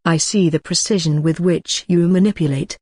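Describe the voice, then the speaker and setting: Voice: fairly even intonation, moderate pace, a little mellow, breathy edge, no echo, studio quality, lightly acted. Sultry dangerous empress, read by a synthetic narrator. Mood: sultry, teasing. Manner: low and purring.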